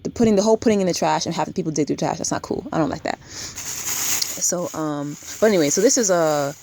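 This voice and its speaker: Lowish-voiced woman rambling with emphasis. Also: fairly quick, creaky, darkish tone, slight background noise. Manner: rambling, emphatic, many fillers and restarts. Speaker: vlogger. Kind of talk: casual talk to camera.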